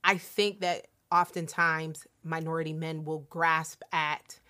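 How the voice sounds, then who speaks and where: A young woman from Delaware in casual conversation, reflective and quick to laugh. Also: deep voice, little pitch movement, sharp tone.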